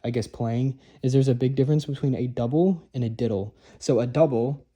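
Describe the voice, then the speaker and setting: A man's voice: mid-range voice, fairly quick, mellow. A young man casually explaining how to hold a marching drum stick, talking loosely with lots of fillers and restarts. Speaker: drumline instructor. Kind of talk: casual instructional talk. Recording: noisy room recording.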